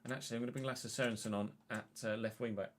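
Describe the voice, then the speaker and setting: A man's voice: mid-range voice, fairly even intonation, fast. A man giving live, mock match commentary while playing a football game, swearing when frustrated.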